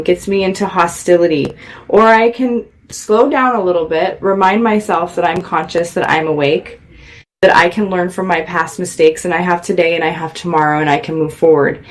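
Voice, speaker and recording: A woman's voice: lowish voice, fairly even intonation, moderate pace. A middle-aged woman hosting a radio show, giving an earnest, reflective motivational talk to her viewers. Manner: earnest, reflective, speaks louder when worked up.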